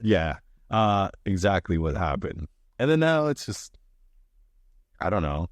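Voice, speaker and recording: A man co-hosting a podcast in casual chat, laughing often and acting out quoted lines in higher voices. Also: sing-song, unhurried, no room sound, clean studio sound. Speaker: podcast co-host.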